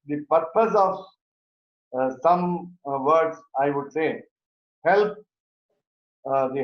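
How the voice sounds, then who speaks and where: A man teaching a Sanskrit grammar class, talking haltingly with many fillers and restarts. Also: a little high, reverberant, dull audio, slight background noise.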